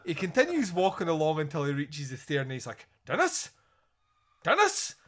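Animated man, lively pitch. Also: fast. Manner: animated, swearing, acts out lines in loud voices. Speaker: podcast host. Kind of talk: casual film review chat.

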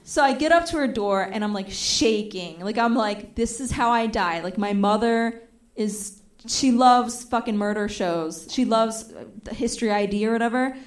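A woman's voice: on the high side, moderate pace. A young adult woman telling a stand-up comedy story, acting out the voices of the people in it, with audience laughter behind her. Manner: animated, acts out quoted voices.

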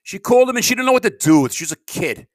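A middle-aged man talks through a loose, confessional podcast monologue. His pitch swings widely as he stammers and doubles back on his words. The recording is dry and close. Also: animated, fast, no room sound. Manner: stammering, repeats words, candid and blunt. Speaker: podcast host and comedian.

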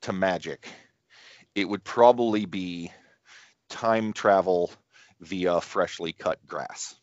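A middle-aged man with a very low voice co-hosts a podcast and chats casually. He wanders through his stories, restarting and correcting himself as he goes. The dry, dull, lo-fi recording has no room sound. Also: slow pace, a little mellow, no echo. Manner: rambling, self-interrupting storyteller with many restarts. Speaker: podcast co-host. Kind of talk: casual chat.

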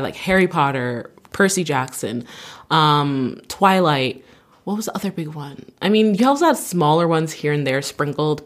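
A young woman vlogger in casual, rambling chat, often correcting herself. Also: low-pitched. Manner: rambling, self-correcting, chatty.

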